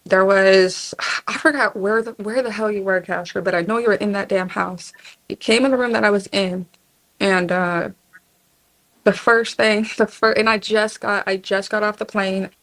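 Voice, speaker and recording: Woman guest telling a story, swears a lot, acts out the quotes, normal pitch. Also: fairly even intonation, moderate pace, fairly bright tone, low-quality recording. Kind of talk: casual storytelling.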